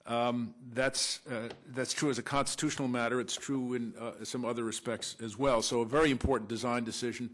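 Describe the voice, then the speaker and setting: Halting male law professor lecturing. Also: medium pitch, fairly even intonation, fairly bright tone. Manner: halting, many uh fillers and restarts. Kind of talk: academic conference talk. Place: lecture room at a law school panel.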